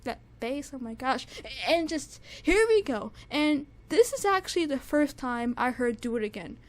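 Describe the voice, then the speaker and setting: A young woman giving an excited, casual music review, gushing and repeating herself with lots of fillers and restarts. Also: high voice, moderate pace.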